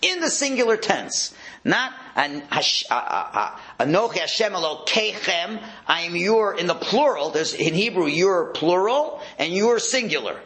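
Guy giving a lively shul talk, voice jumps all over, kinda high. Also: unhurried. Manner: animated, acts out voices, drops to a whisper. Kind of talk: religious lecture.

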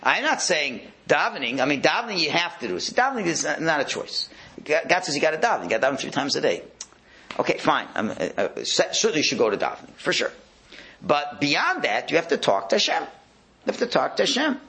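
A man's voice: a little high, brisk. A man teaching a religious lecture to an audience, acting out voices and dropping to a whisper. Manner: animated, acts out voices, drops to a whisper. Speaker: rabbi giving a talk.

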